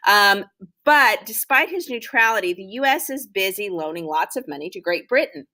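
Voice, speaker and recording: A woman lecturing on history to a class, her voice bright and clear at an ordinary pitch. She speaks casually, filling pauses with ums and restarting her phrases as she explains. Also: lively intonation. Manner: conversational, many ums and restarts. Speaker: history teacher.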